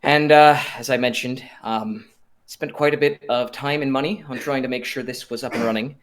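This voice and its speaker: Man as a hard-up, frustrated tinkerer who rambles and halts, mid-pitch, tabletop role-play. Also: steady tone, natural voice. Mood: apologetic. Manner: apologetic, rambling, halting. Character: frustrated male tinkerer adventurer, short of coin.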